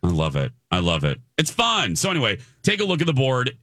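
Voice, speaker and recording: A man's voice: wildly swooping pitch, fairly quick, pushed and bright, no room sound, studio quality. A man hosting a morning radio show, chatting casually and playfully with his co-hosts. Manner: playful, drops into silly low voices. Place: radio studio.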